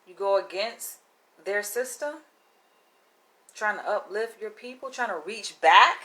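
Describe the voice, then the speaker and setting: A woman's voice: mid-range voice, measured pace, sharp tone. A woman vlogger talking casually to camera in a slangy, emphatic, profane way.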